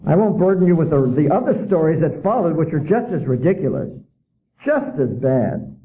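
A man's voice: a little high, very animated, normal speed, mellow, muffled recording. A man giving a public lecture as an author, indignant and full of rhetorical questions.

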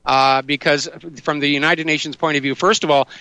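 A male talk radio host with a bright, sharp tone, recorded close and dry with no room sound. He speaks a little higher than most men and cuts in with pointed remarks. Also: steady tone, fairly quick, clear, resonant tone, dry recording.

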